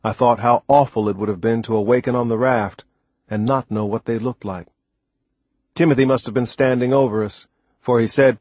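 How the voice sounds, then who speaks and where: A man's voice: fairly low pitch, steady tone, darkish tone, no echo. Man narrating an audiobook, dry sound. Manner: measured, plain storytelling. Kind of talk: scripted narration.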